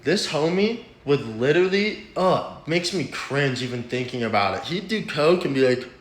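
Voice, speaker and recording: A man's voice: a little high, lively intonation, moderate pace. Profane young man rambling through a story. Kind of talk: casual storytime. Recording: roomy echo.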